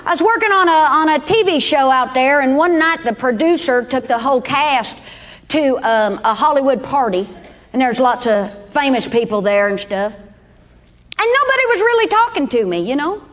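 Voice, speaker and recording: A woman's voice: high-pitched, expressive, normal speed, a bit bright, big-room sound. Sassy Southern woman doing stand-up. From Kentucky. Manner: folksy, sassy drawl with big shifts into mock quotes. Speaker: stand-up comedian. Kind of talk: stand-up comedy set. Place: comedy club stage with live audience. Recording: live club recording with crowd laughter and noise.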